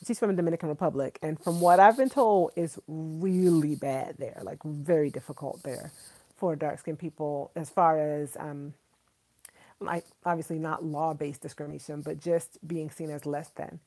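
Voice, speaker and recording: A woman's voice: low voice, fairly even intonation, moderate pace, dark tone. A woman hosting a casual livestream, chatting enthusiastically with viewers, calling them y'all and repeating herself for emphasis. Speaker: livestream host.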